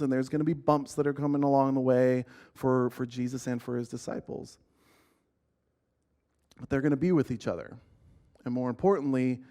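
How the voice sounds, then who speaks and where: A man's voice: mid-range voice, warm tone. A man teaching an informal church lesson in a casual, conversational way, often asking the group questions and restarting his sentences. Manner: frequent restarts and filler words.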